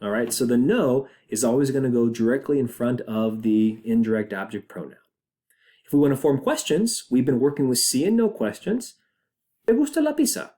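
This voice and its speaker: A man teaching a Spanish grammar lesson step by step, often pausing to check in with students and slowing down to model example phrases. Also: medium pitch, expressive, warm tone. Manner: explains step by step with frequent check-in questions; switches into slow, deliberate Spanish example phrases. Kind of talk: recorded classroom grammar lesson.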